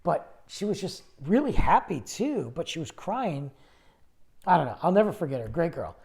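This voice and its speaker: A man with a gravelly, creaky voice tells a long personal story on a podcast. His pitch swings up and down a lot as he goes, and he rambles and restarts his sentences, animated and loose. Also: normal speed. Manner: rambling, animated, self-interrupting. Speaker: podcast host. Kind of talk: casual storytelling monologue.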